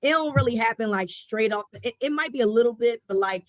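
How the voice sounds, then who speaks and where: A woman's voice: fairly high pitch, a little fast, dry recording. A woman from Baltimore, a sports radio host, chatting as a podcast guest in an easygoing way, laughing and restarting her thoughts. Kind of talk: casual chat.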